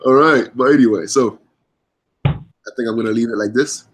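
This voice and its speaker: A man's voice: mid-range voice, a little hiss or hum. A man hosting a casual podcast, talking loosely, with restarts and laughter. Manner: rambling, with restarts and frequent laughs. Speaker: podcast host.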